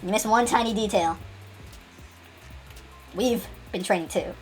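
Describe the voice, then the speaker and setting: A woman's voice: medium pitch, a little slow, soft background music, natural voice. Brief: smug boastful male rival, voiced by a woman. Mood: taunting. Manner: smug, taunting.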